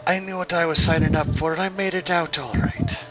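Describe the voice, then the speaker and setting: Man doing old one-legged gnome, drunk, grandfatherly, rambling, clear music underneath. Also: fairly high pitch, fairly even intonation, brisk, highs cut off, voice pushed up, lightly acted. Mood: consoling.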